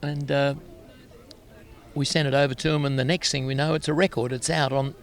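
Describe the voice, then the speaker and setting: Older Australian guest, chatty storyteller, self-mocking, medium pitch. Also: male voice, little pitch movement, a little fast. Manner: chatty anecdotal, laughs at himself. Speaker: guest musician. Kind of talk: casual interview storytelling.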